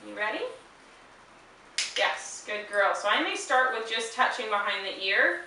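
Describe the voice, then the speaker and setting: A woman dog trainer calmly explaining a handling exercise and stopping often to praise the dog in a high, chirpy voice. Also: a little slow. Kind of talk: instructional demonstration. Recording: very echoey room, mic far off, faint hiss.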